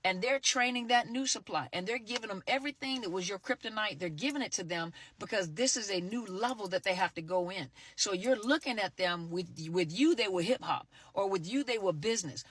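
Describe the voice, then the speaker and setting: Animated woman talking in a dry room. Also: fairly low pitch, no room sound. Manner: animated, repeats phrases for emphasis. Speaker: host. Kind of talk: talk on narcissistic abuse.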